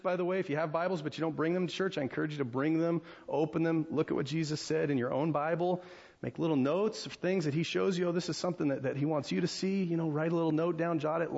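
An American pastor with a fairly high, creaky, darkish voice preaches conversationally, restarting frequently and posing rhetorical questions to the congregation. The audio sounds dull.

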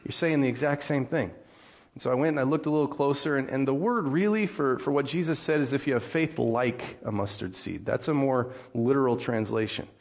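Guy giving a sermon, chatty and easygoing, mid pitch, kinda muffled lo-fi sound. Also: brisk, few pauses. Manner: conversational, animated when acting out frustration. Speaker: pastor.

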